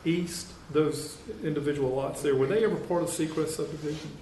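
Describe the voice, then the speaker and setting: Fast-talking, apologetic commissioner in an echoey room. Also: male voice, a little high, fairly even intonation, dark tone, a little hiss or hum. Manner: quick, apologetic questioning. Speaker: planning commissioner. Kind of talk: questioning at a public meeting. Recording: echoey meeting room with faint ambience.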